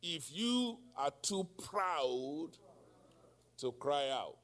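A man in his sixties preaches with a high-pitched voice, taking his time over each phrase. He keeps asking the congregation questions and bursts into loud cries of prayer. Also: big pitch swings, very slow. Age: 60s. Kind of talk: sermon.

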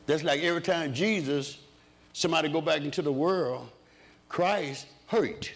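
A man preaching a sermon in a rhythmic way, asking the congregation questions and answering them himself. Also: medium pitch.

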